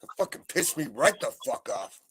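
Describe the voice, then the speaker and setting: Middle-aged man, raspy and high-pitched, swinging wildly in pitch, profane live-call ranter. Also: normal speed. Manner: heavy cursing, swings between calm and yelling. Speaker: panel guest. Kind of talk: profane venting rant. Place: home, live video call. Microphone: video call mic.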